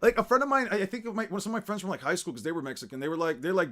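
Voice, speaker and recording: A young man with a high voice chats loosely on a stream, circling his point with endless fillers and restarts. His tone is bright and forward, relaxed, and he swears and laughs freely. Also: racing. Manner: rambling, heavy with filler words and restarts; laid-back, laughs easily, swears casually. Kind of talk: casual rambling chat.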